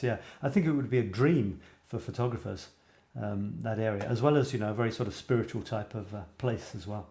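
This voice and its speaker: A man chats casually on a live stream, musing aloud over viewer comments with plenty of ums and restarts. His voice is mellow and dark, and the recording has a roomy echo. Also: medium pitch. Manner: chatty, musing aloud, frequent fillers and restarts. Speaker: host of a photography live stream.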